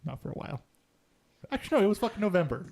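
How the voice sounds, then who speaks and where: A man's voice: high-pitched, sing-song, very fast, gravelly, darkish tone. A young man co-hosting a podcast, joking playfully and swearing in casual chat. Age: young adult. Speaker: podcast co-host.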